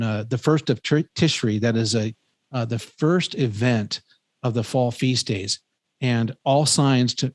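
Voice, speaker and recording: A professor and podcast host in his fifties tells a story in casual conversation, his mid-range voice captured in a dry recording. He's earnest and rambling, full of fillers and restarts.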